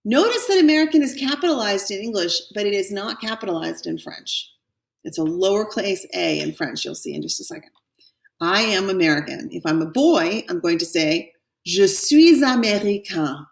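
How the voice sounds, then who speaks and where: Woman, teacher, recorded class lesson, careful slow model words, roomy echo, a bit far from the mic. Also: mid-range voice, expressive, creaky. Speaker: French teacher. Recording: echoey room, voice a bit off-mic.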